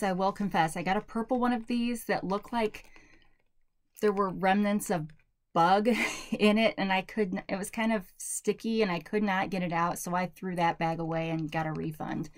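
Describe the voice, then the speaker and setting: A woman vlogger chatting casually through a product haul, rambling and thinking aloud with lots of fillers. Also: mid-range voice. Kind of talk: casual product review chat.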